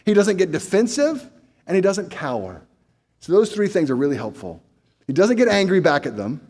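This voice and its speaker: A man's voice: sits high, sing-song, moderate pace, a little mellow, big-room sound. A male pastor preaching a sermon in a conversational way, full of rhetorical questions and restarts.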